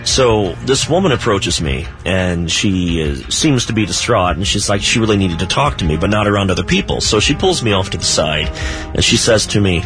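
Radio guest, male, author and researcher, deeper voice, measured storyteller with dry humor, music bed in the background. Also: lively intonation. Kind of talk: radio talk show interview.

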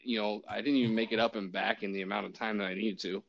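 A baseball umpire with a low voice and vocal fry talks fast as he casually tells an animated story, acting out quotes and restarting often. The audio is dull and lo-fi.

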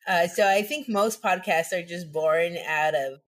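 A woman co-hosting a casual podcast, relaxed and giggly as she leads into the story. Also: fairly low pitch, unhurried. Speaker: podcast co-host. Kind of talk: casual chat, presenting a story.

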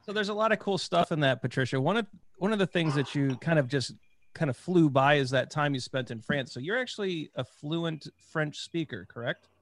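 A man's voice: on the high side, expressive, brisk. A man hosting a podcast interview, enthusiastic and rambling, restarting his sentences as he thinks aloud. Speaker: podcast host. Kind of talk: casual interview.

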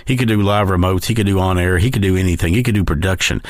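A man hosting a podcast, telling a slow, heartfelt personal story in a storytelling tribute. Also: low voice, no echo, clean studio sound. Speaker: podcast host.

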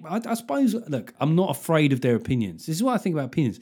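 A man's voice: a little high, very animated, fast, a little mellow, breathy edge. A man hosting a podcast, ranting comically with lots of swearing and sardonic asides while reading out listener reviews. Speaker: podcast host.

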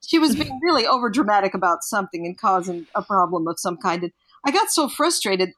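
A woman's voice: medium pitch, very animated, brisk, fairly bright tone. An older woman, a guest on a parenting podcast, telling stories in an earnest, reflective way. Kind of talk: podcast interview.

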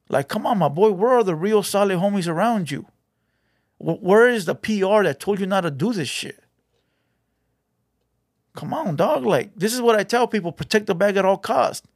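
A man's voice: fairly high pitch, dry recording, studio quality. A man giving a blunt, preachy street advice monologue as a reaction video host, mixing Spanish slang into his talk.

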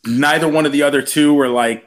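Young new york guy rambling through a story, kinda high voice, says like a lot. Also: fairly quick. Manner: rambling, animated, full of "like". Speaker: podcast storyteller. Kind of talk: casual storytelling chat.

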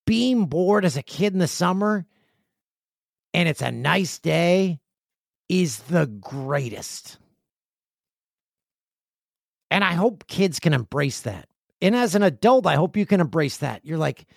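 In a home studio with stairs nearby, a man with a gravelly, sing-song voice talks at normal speed, with a dry, clean studio sound. Hosting his podcast, he keeps things chatty and jokey, reading emails and acting out friends' reactions in loud high voices.

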